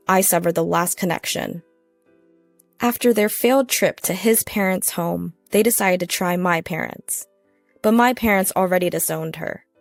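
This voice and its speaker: A woman reading a first-person revenge story in steady, scripted narration. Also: fairly low pitch, gravelly, no room sound.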